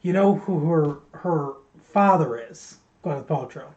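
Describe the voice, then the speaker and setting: A man's voice: on the high side, lively intonation, a little slow, crowd noise. A man co-hosting a podcast, reviewing a film in rambling, joking casual chat and teasing his co-host. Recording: muffled lo-fi stream audio.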